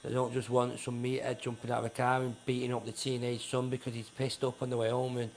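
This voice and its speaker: A man's voice: medium pitch, completely flat delivery, fast, a little mellow, a little hiss or hum. A man, a neighbourhood patrol founder, talking bluntly and swearing in a casual interview. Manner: blunt, sweary, repeats himself, acts out quotes.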